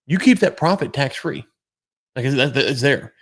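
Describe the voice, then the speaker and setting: A man co-hosting a casual podcast, ranting in an animated, sarcastic way. His voice sits at an ordinary middle pitch, and his delivery keeps swinging between mockery and exasperation. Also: normal speed, husky. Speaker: podcast co-host. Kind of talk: casual political chat.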